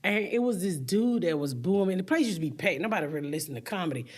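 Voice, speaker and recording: A woman's voice: on the low side, fast talker, slightly rough. A woman comedian telling candid stories in an interview, swearing freely and laughing as she goes. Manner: animated, profane, laughs through stories, acts out voices loudly. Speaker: comedian guest.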